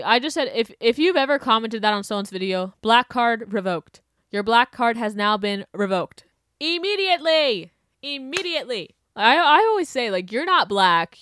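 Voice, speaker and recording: A woman's voice: on the high side, fairly bright tone, dry recording, studio quality. A young woman hosting her own show, ranting casually and sarcastically, laughing often and breaking into exaggerated outbursts. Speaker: podcast host. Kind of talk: casual opinion rant.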